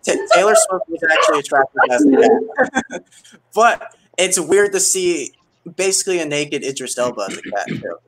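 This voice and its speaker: A man's voice: on the high side, lively intonation, normal speed, a bit bright, rough recording. A man in a casual chat, jokey and laughing often.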